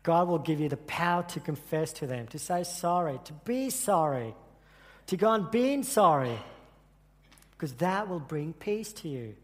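A man's voice: on the high side, expressive. A man giving an earnest sermon at church, telling a personal story and often restarting his sentences. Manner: earnest, halting with repeated restarts. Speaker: church speaker. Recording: echoey hall with long reverb.

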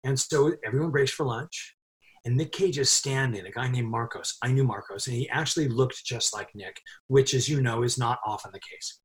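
A middle-aged man telling a crew anecdote in a casual interview, animated and quick to laugh. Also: mid-range voice. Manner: animated storyteller, laughs often while telling. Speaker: film crew member telling a story.

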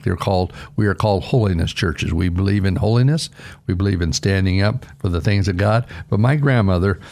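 An older man with a gravelly edge preaches a radio devotional. He talks earnestly and emphatically, lifting his voice on the points he wants to stress. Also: a little mellow. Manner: earnest, emphatic, pitch rising on key phrases. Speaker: radio pastor.

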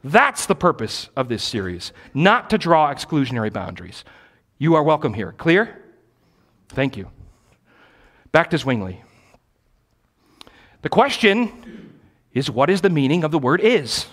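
Man, pastor, teaching sermon, high voice, very lively intonation, emphatic, repeats phrases for stress. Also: unhurried, pauses often.

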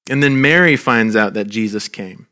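A man preaching a sermon as a pastor, earnest and gentle, his voice dropping soft at the ends of lines. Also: fairly low pitch, normal speed. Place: church.

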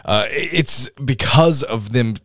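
A man on a podcast talks about movies with a lively voice that swings high and low. He gets heated and ranting, then backs down apologetically. The sound is dry and close. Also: takes it slowly, no room sound. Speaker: podcast co-host. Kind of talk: casual film review chat.

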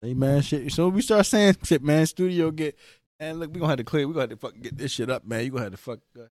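A man co-hosting a casual podcast, animated and profane, acting out the people he describes. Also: a little high, quick pace, dry recording. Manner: animated, profane, acts out characters loudly. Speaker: podcast co-host. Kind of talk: casual podcast recap chat.

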